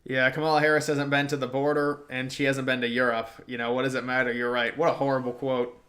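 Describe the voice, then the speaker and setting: A man's voice: medium pitch, level tone, fast talker, fairly bright tone. A young man hosting a livestream, reading chat and replying in a loose, slangy way. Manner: casual, slangy, reacting to chat and trailing off. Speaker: livestream host. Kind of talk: casual political livestream chat.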